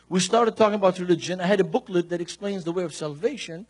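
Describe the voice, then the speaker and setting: A man preaching a sermon, reading scripture and telling personal stories in an increasingly animated, emphatic way. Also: high voice, quick pace, slightly rough. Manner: storytelling, grows more animated and emphatic.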